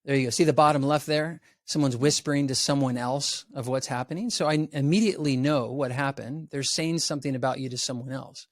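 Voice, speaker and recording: A man's voice: mid-range voice, brisk, hardly any pauses, no echo, studio quality. A man giving a podcast interview as a resilience educator, talking with energy and acting out the voices of the people he quotes. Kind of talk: animated podcast talk.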